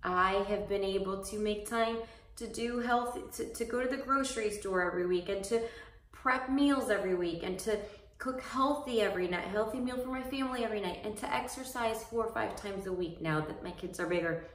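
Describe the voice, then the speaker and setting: A woman's voice: medium pitch, fairly quick. Earnest woman coach in an echoey room. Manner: earnest, encouraging, rambling with restarts. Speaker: fitness coach and business owner. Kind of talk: motivational talk to camera. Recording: roomy echo, mic far off.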